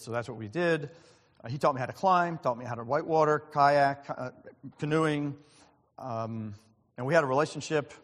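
Telling a personal story from the pulpit, this preacher speaks with earnest feeling and voices the other people in it himself. He has a typical male pitch, and the large hall around him adds long, ringing reverb.

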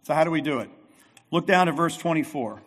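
A man's voice: a little high, lively intonation, a little fast. Emphatic preaching man in a reverberant hall. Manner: emphatic, repeats phrases, shifts loud and soft. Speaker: pastor. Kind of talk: sermon.

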